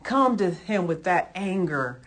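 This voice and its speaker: A woman's voice: on the low side, measured pace. Emphatic woman preaching a sermon. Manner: emphatic, acts out heated prayers then calms. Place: church service.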